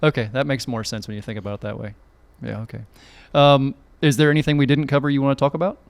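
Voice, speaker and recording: Middle-aged guy hosting a podcast, rambly casual chat, smooth clean voice. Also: mid-range voice, fairly even intonation, fast, dry recording. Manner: chatty, rambling with restarts. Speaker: podcast host.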